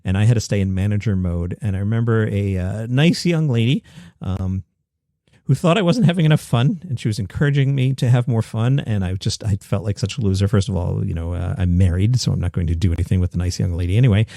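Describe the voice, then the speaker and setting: A man's voice: lowish voice, quick pace, creaky, warm tone, no room sound, clean studio sound. A middle-aged man from Queens, hosting a comedy news show with wry, self-deprecating asides. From Queens, New York. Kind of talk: solo comedy news commentary.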